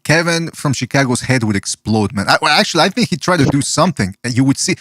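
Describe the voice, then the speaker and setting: A man hosting a podcast and taking callers, talking in an excitable, chatty way and swearing casually. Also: medium pitch, quick pace, no echo. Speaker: podcast host.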